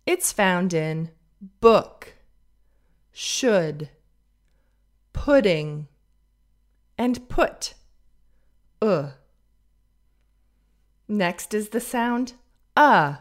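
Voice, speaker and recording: A woman teaching pronunciation on a podcast, slowly modeling vowel sounds and example words for listeners to repeat. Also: mid-range voice. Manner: slow, careful, drawn-out modeling of vowel sounds.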